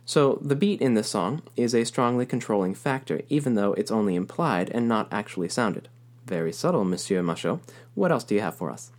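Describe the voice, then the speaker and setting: A man's voice: lowish voice, expressive, brisk. A man teaching a recorded music lesson, explaining rhythm patiently and counting beats aloud.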